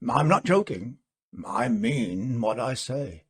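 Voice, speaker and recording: A man reading as a slow, gravelly gentleman recounting a ghost. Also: medium pitch, very animated, exaggerated voice. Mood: musing. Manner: musing, hesitant with many uh fillers. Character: earnest gentleman telling a ghost tale. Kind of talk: storybook reading.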